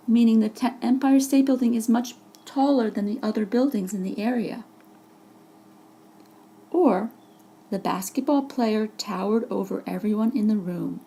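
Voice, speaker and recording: A woman's voice: medium pitch, gravelly, dark tone. A woman teacher narrating a vocabulary lesson over a presentation, patiently explaining each word with examples. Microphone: voice-over for a slide presentation.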